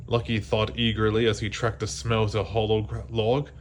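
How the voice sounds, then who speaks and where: A man reading a children's storybook aloud, gently slowing down for the suspenseful parts. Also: on the low side, little pitch movement, noisy background. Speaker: storybook reader. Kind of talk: children's read-aloud narration.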